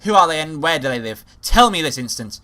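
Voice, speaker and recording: A man's voice: fairly high pitch, very animated, fairly quick, pushed and bright, pitched above the performer's own voice. A man voicing a haughty rich young male bird aristocrat, with a posh, sneering, commanding manner, over game music.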